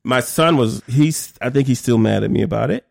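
A man's voice: medium pitch, normal speed, vocal fry, no room sound, studio quality. A middle-aged man telling his story in a candid, conversational way and acting out other people's voices. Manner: animated, acts out other people's voices in quotes.

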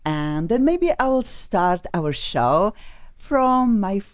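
An excitable woman radio host, her pitch swooping up and down as she gushes. Her English is broken but eager. The sound is dull and lo-fi, like an old radio broadcast. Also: slow pace, no room sound. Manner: effusive, exclamatory, broken English. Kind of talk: lively radio talk show chat. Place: radio studio.

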